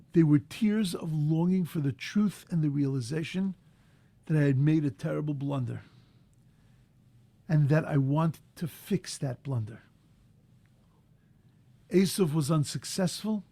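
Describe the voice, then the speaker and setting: A man giving a sermon as a rabbi, impassioned, rising to loud emphatic peaks, mixing in Hebrew terms and translating them. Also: fairly high pitch, slow, creaky, pauses often, no room sound.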